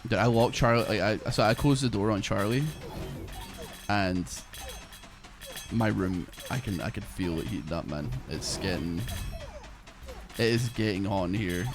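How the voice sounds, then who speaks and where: A man's voice: fairly low pitch, unhurried, long pauses, music in the background. A young man streaming from his bedroom, rambling and joking as he plays a game. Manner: rambling, jokey, thinks aloud. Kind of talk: casual gameplay commentary.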